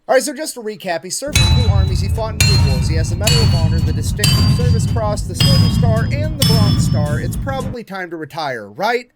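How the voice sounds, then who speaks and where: A man narrating a history video with a high, bright voice. He is energetic and wisecracking, and he swears casually. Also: brisk, few pauses, over loud music.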